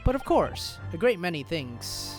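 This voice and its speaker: Casting: eccentric, smug British gentleman detective voiced by a woman in a shaky put-on British accent, lower register, with swooping, lively inflection. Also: measured pace, music in the background. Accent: attempted British. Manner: theatrical, stumbling over words. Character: eccentric male British detective, grandly confident.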